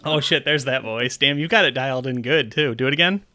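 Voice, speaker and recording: Guy dm'ing a tabletop game, bright tense voice, swears a lot, laid back. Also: medium pitch, a little fast. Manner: casual, swears, laughs easily. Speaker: game master.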